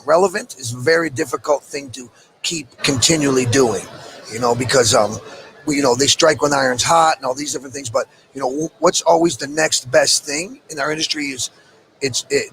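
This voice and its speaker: A man's voice: on the high side, fairly bright tone, low-quality recording. A middle-aged man talking earnestly and in a rambling way about his work in a casual interview. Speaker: cigar maker. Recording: faint background noise.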